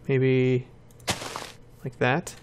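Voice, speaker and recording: A man's voice: medium pitch, slight background noise. A man hosting a game channel, giving casual commentary while building and thinking aloud, with self-mocking asides.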